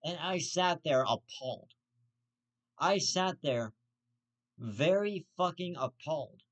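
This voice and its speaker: A man's voice: fairly high pitch, expressive, slow pace. Profane, ranting young-sounding man. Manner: heated, profanity-heavy, repetitive restarts. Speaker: host of a commentary vlog.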